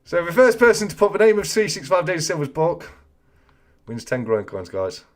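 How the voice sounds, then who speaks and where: Lively man hosting a live chat. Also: fairly high pitch, fairly quick. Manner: jokey, laughs often, reads out viewer answers. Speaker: host of a live coin-collecting chat stream. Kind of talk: casual live-stream chat.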